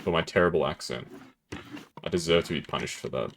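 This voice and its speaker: A man's voice: a bass voice, a little fast, noisy background. A man casually commentating his gameplay as a streamer, chatty and laughing often, with keyboard typing close to the mic.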